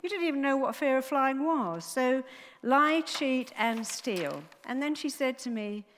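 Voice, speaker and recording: A woman giving a motivational talk on stage, an animated storyteller who acts out the voices in her stories. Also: high voice, normal speed, slight background noise. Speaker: motivational speaker. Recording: long hall reverb.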